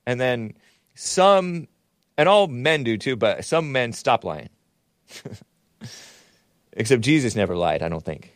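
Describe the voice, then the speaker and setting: A male host riffing on his own commentary show, mocking and heated. He jumps between loud bursts and low grumbles. The voice sits at an ordinary pitch and comes through dry and close, with no room echo. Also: sing-song, takes it slowly, pauses often.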